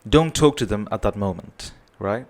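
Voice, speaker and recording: Talking to the camera, this man offers earnest parenting tips at a moderate pace, his voice on the low side and animated. He tends to repeat things, and he caps his points with a quick "right?"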